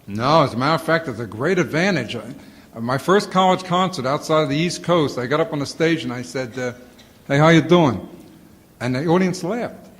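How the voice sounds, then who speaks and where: Man, sore throat, lozenge in mouth, comic storytelling, somewhat high voice, reverberant hall. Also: normal speed. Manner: animated storytelling, acts out quotes. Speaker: comedian answering audience questions. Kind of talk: casual Q&A talk. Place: auditorium before a live audience.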